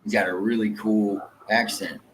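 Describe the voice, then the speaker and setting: A laid-back American man chats on his stream in a fairly low voice. He jokes and swears casually. Faint room noise sits behind him. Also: fairly even intonation, moderate pace. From United States. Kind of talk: casual chat.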